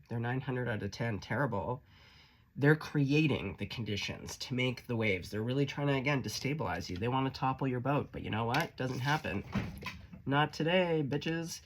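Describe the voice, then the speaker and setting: A man with a mid-range voice does a laid-back tarot reading, blunt and full of profanity yet playful and encouraging as he walks the listener through each card. There's a slight hiss or hum in the background.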